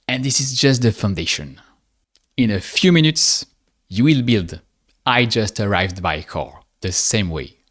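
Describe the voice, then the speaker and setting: A man teaching spoken in a guided speaking lesson, patient and deliberate, drawing out each example phrase. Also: fairly low pitch, fairly bright tone. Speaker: French teacher.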